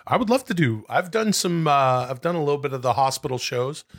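A man's voice: mid-range voice, lively intonation, a little fast. Rambling, profane male podcast host. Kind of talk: casual comedy chat.

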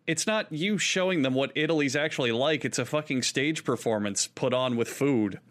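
A man in his own easy speaking voice, in the middle of the range, chats on a podcast. He's animated, curses freely and laughs a lot. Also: medium pitch, moderate pace. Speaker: podcast host. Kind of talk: casual chat.

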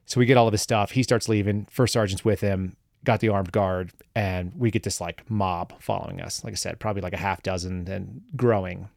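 Low-voiced man telling war stories. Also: fairly even intonation, a little fast, vocal fry, few pauses, a little mellow, dry recording, studio quality. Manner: rambling, filler-heavy, wry. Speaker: guest, former government analyst. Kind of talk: casual storytelling interview.

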